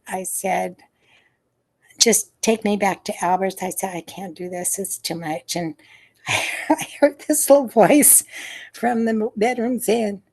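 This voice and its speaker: A woman's voice: medium pitch, a little slow. An older woman, a former nurse, recalling memories in an interview over a video call, hesitant and full of fillers and restarts. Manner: hesitant, many fillers and restarts, soft sighs.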